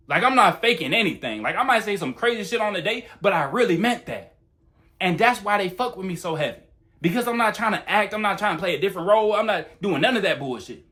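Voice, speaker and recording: On his channel, a young man gives dating advice in a casual monologue, talking fast and bluntly with plenty of swearing. His voice sits high and has a fairly bright tone.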